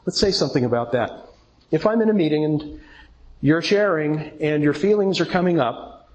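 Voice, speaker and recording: Earnest middle-aged guy giving a recovery talk to a meeting, kinda high voice. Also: expressive, moderate pace, darkish tone, poor audio. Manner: earnest, asks the audience questions. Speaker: twelve-step speaker. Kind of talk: recovery talk to a live audience. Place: meeting room with an audience.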